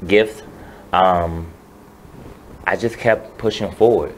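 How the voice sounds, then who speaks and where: A man in his thirties with a very deep voice talks as a guest on a radio show. His speech is earnest and rambling, full of "um"s and "you know"s. A faint background hiss sits under the recording. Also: slow, low-quality recording. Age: 30s. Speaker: musician guest. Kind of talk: casual interview chat.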